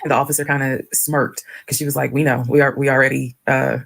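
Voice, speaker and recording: A woman telling a personal story in a frank, animated way, acting out the dialogue. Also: very deep voice, quick pace, vocal fry. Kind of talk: casual storytelling.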